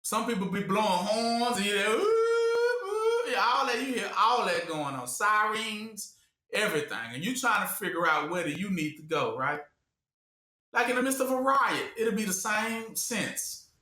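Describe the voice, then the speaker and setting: Lively male preacher, lots of pitch swing, prompts the congregation, in a roomy space. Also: normal speed. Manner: animated, acts out voices and asks the room to finish his sentences. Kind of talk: call-and-response sermon. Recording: echoey room.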